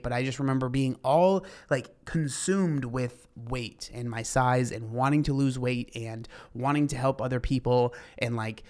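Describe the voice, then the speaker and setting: A young man hosting a casual commentary, talking in a rambling way with many fillers and restarts. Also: mid-range voice. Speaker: commentary host.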